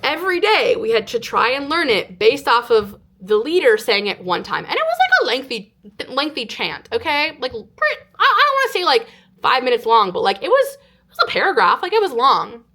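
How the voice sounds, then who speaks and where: A woman in her twenties from California, telling a personal story to camera in a casual, animated way with lots of "like". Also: high voice, moderate pace. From California, United States. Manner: animated, exaggerated retelling with frequent "like". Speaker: vlogger. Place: indoors, sit-down filming.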